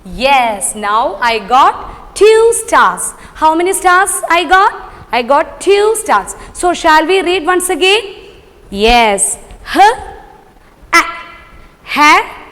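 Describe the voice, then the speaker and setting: Slow high-voiced woman teaching phonics. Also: sing-song, fairly bright tone, long reverb tail. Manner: slow, sounds out letters, answers own questions. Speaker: kindergarten teacher. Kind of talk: online phonics lesson for young children.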